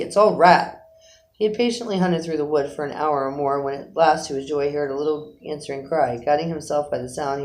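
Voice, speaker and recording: A man narrating a children's animal story aloud in an expressive storytelling manner. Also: mid-range voice, a little hiss or hum, low-quality recording. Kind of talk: storybook reading.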